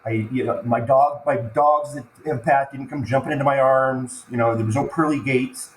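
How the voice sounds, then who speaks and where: A man recounting a frightening personal experience as a podcast guest, halting and stumbling over restarts, sounding choked up as he talks. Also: mid-range voice, fairly even intonation, a little hiss or hum. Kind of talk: emotional personal storytelling. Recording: roomy echo.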